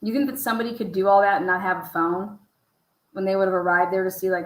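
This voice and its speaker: This woman narrates true crime footage casually, profane and full of sharp rhetorical questions. She speaks fast at a medium pitch with a steady tone, and the audio is rough with a roomy sound.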